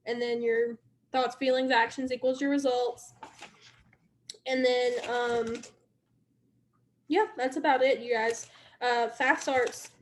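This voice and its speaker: A woman's voice: a little high, fairly even intonation, slow, pauses often, a little hiss or hum. A young woman leading her sales team in a casual motivational live stream, chatty and repetitive, talking straight to her viewers.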